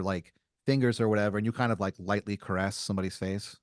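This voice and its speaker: A man's voice: on the low side, moderate pace, a bit bright, no echo, clean studio sound. A man hosting an improv podcast, narrating a made-up scene in second person with casual fillers. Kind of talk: improvised storytelling, game-master style.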